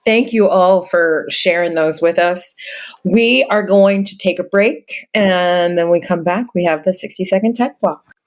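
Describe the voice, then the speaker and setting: A woman's voice: lowish voice, measured pace. A woman hosting a podcast in casual chat, steering the talk with encouraging remarks. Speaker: podcast host.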